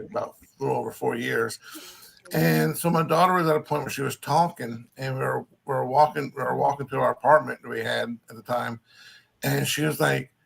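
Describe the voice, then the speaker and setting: A man's voice: mid-range voice, vocal fry, a bit bright, breathy edge. A man from Louisiana with a Southern accent, chatting casually and telling rambling stories with many restarts. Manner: rambling storyteller, restarts sentences, mimics voices in anecdotes. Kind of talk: casual chat.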